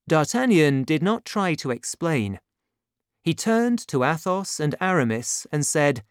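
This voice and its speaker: A narrator reading a storybook aloud in a clear, even storytelling manner. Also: mid-range voice, a little slow, dry recording, clean studio sound.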